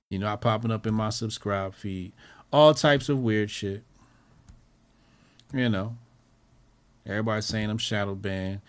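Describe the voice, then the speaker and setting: A man hosting a commentary show, talking in a loose, rambling way, swearing freely and trailing off into fillers. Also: fairly low pitch. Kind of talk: casual profane commentary.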